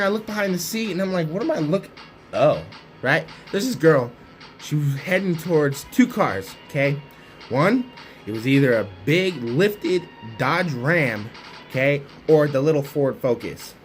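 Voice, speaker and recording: A man's voice: a little high, animated, moderate pace, soft background music. A young man telling a casual, rambling anecdote, keeps asking his listener "right?". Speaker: vlogger. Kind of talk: casual storytelling.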